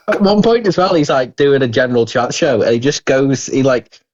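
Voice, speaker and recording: A man's voice: mid-range voice, muffled recording. A man co-hosting a podcast, retelling stories animatedly in casual chat and laughing as he goes. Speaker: podcast co-host.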